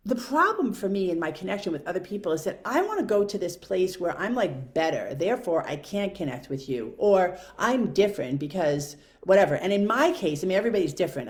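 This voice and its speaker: A woman speaks straight to her viewers in a reflective vlog, turning her own thoughts over with candid, self-questioning honesty. Her voice sits on the lower side but swings widely in pitch, which keeps her casual musings lively. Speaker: video blogger. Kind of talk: reflective personal monologue.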